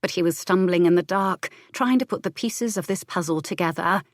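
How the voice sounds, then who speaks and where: Woman narrator, romance audiobook, measured expressive reading, low voice, dry studio sound. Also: dry recording.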